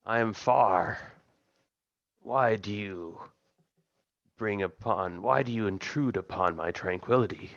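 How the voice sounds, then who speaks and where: A man voicing an ancient female patron goddess who speaks slowly and commandingly. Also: on the low side, creaky, no echo, dull audio. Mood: imperious. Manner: slow, measured, imperious speech.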